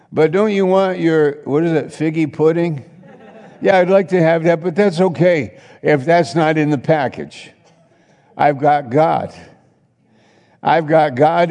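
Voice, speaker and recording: Middle-aged male preacher, slow and dramatic, gravelly, in a church hall with a long echo. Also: medium pitch. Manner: animated, swings between loud exclamations and quiet asides. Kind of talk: sermon with acted-out scenes.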